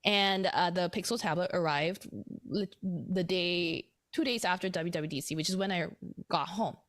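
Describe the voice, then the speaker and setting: A woman's voice: on the low side, moderate pace, fairly bright tone. A woman hosting a casual tech podcast, chatty and rambling as she explains things. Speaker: podcast host.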